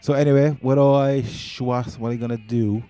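A man's voice: medium pitch, steady tone, a little fast, dark tone, clean tone. A man with a Cork accent, chatting casually and rambling through his first gaming commentary as a channel host. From Ireland.

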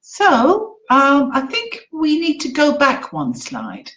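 A woman teacher trainer presenting an online webinar in an animated, encouraging classroom-teacher manner. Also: high voice, takes it slowly, low-quality recording.

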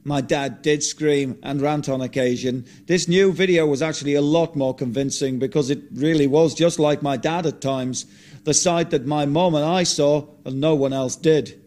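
A man voicing a calm, candid middle-aged son in a lower voice than his own. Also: normal speed, close to an everyday voice.

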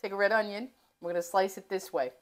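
A woman's voice: mid-range voice, fairly even intonation, fast. A middle-aged woman hosting a cooking channel, chatting casually and rambling from her home kitchen. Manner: chatty, rambling, self-interrupting.

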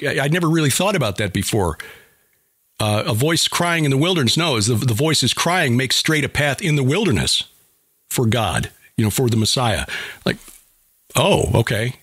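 A man's voice: mid-range voice, fairly bright tone, breathy edge, no room sound, clean studio sound. A man speaking hesitantly, with many fillers, as a panelist in a roundtable over a video call. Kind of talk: casual roundtable discussion.

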